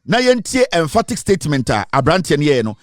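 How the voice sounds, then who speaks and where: Speaking quickly with big swings in pitch, a Ghanaian man with a fairly high voice hosts a radio and online show. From the studio, he lectures emphatically, blending Twi and English in heated political commentary. There's no room sound.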